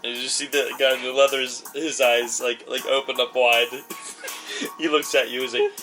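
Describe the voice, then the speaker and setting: A man's voice: medium pitch, little pitch movement, a little slow, sharp tone. Casual male game master, rambling narration, distant mic, music underneath. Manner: rambling, laughs often, many fillers. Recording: far from the mic, music behind.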